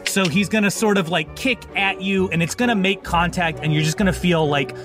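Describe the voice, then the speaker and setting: Rambling game master with a high voice. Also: male voice, brisk, music in the background. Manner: loose, rambling narration full of fillers. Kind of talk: narrating a tabletop game.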